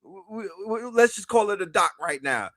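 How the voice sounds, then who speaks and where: A man's voice: high voice, lively intonation, moderate pace, a bit bright, no room sound, studio quality. A man giving loose, mocking reaction commentary on a clip. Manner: mocking, loose, laughing asides.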